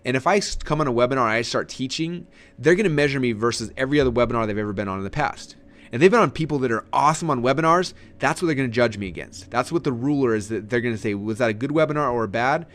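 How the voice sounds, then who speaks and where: Fast-talking energetic man teaching. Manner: energetic, fast, swooping pitch for emphasis; many fillers and restarts. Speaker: marketing trainer. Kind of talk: casual spoken webinar lesson.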